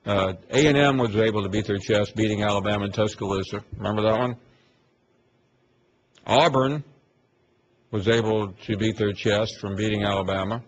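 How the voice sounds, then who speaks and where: A man hosting a sports talk radio show, firing quick, needling questions with lots of fillers. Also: fairly low pitch, slight background noise, poor audio. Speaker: radio host.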